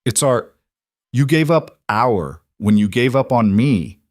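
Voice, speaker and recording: A man's voice: medium pitch, expressive, slow, dry recording, studio quality, voice pushed up. A man voicing a defiant pregnant young wife, cutting and bitter, in an audiobook reading.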